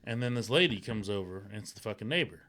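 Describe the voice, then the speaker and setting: A man's voice: fairly low pitch, expressive, fast, a bit bright, slight background noise. A man in casual podcast chat, telling a rambling, profane story and laughing often.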